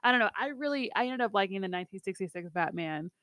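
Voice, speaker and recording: A woman's voice: medium pitch, lively intonation, fast talker, a bit bright, no echo. Chatty laughing woman, dry close sound. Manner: chatty, laughs often, lots of fillers. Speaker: co-host of a movie review show. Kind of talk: casual chat.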